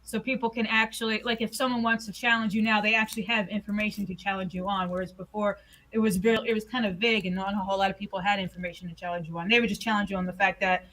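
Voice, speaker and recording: A woman's voice: medium pitch, flat delivery, racing, a bit bright, rough recording. A woman from the American South chatting casually on a livestream as co-host, laughing easily.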